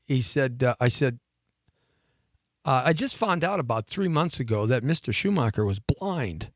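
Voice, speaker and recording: A man in his fifties telling a long personal story on a talk show, lively and chatty, laughing between lines and often restarting his sentences. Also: mid-range voice, moderate pace, dry recording, clean studio sound. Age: 50s.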